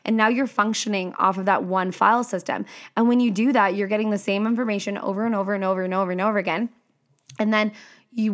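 A woman's voice: medium pitch, a bit bright. A young woman hosting a podcast as a coach, talking casually in a chatty way. She leans on the fillers "like" and "right?" and swears freely.

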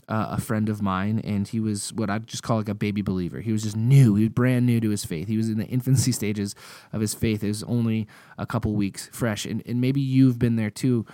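A man's voice: fairly low pitch, mellow, no echo. A young man preaching a sermon in a casual, conversational way, telling personal stories.

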